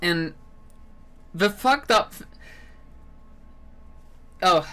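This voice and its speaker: A man's voice: sits high, lively intonation, drawn-out words, pushed and bright. A man telling a rambling story on a live stream while eating pizza. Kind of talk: casual stream chat.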